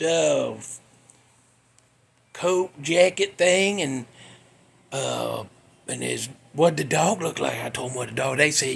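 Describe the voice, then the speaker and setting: Gravelly folksy man. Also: a little high, fairly bright tone. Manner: rambling, folksy, swears casually. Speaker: host. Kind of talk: casual storytelling. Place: indoors at home.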